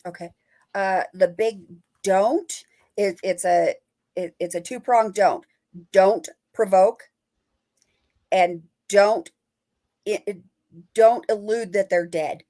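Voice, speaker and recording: A woman's voice: medium pitch, takes it slowly, long pauses, warm tone. A woman paranormal investigator and author, a guest in a casual interview, talking animatedly and playfully acting out quoted lines.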